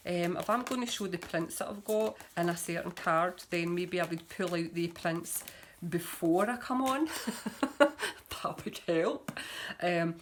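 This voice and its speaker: A woman's voice: fairly low pitch, slight background noise. A woman, a tarot reader chatting casually on camera, gushing about her cards, with frequent fillers. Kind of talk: casual show-and-tell vlog.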